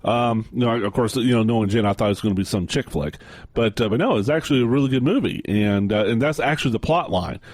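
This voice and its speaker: A man's voice: fairly low pitch, quick pace, darkish tone, no echo. A man co-hosting a radio talk show, chatting casually with many fillers and restarts. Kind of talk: casual chat.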